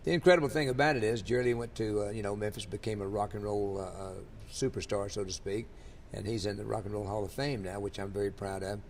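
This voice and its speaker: An older man with a drawl sits for an interview and tells his stories in a low voice. He wanders and restarts his sentences, leaning on plenty of fillers along the way. A faint rumble sits under the recording. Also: steady tone, quick pace, hardly any pauses. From Louisiana, USA. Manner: rambling, many fillers and restarts. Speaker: interviewee, country singer. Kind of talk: storytelling in an interview.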